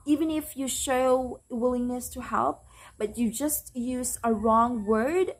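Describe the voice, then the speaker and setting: A young woman from the Philippines talks in English, which is not her first language, pitched a little high. She gives casual call center advice, circling back with fillers and restarts as she goes. A faint hum of noise sits behind her. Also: measured pace. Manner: chatty, many fillers and restarts. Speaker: call center agent vlogger. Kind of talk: casual advice talk to camera.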